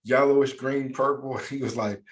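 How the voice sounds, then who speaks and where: A man from the USA co-hosting a podcast, telling funny stories with laughs and loud quoted voices. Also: mid-range voice, moderate pace. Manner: laughing storyteller, loud excited quoting. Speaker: podcast co-host. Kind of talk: casual chat.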